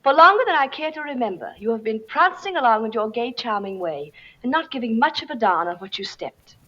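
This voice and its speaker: A woman's voice: fairly high pitch, lively intonation, a little fast, a bit bright. A stern reproachful woman. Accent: Mid-Atlantic. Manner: cool, reproachful. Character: stern woman giving a cutting farewell. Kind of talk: 1940s film acting. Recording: dull old film soundtrack.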